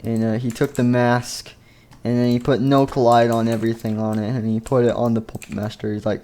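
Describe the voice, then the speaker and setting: A man's voice: on the low side, little pitch movement, normal speed, warm tone, slight background noise. A man casually narrating a game machinima, rambling with many restarts.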